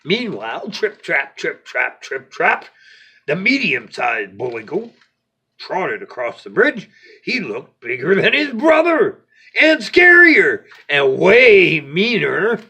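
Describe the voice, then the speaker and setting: A man with a high, lively, bright voice reads a bedtime story slowly. His tone is slightly husky and playful. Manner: animated, playful.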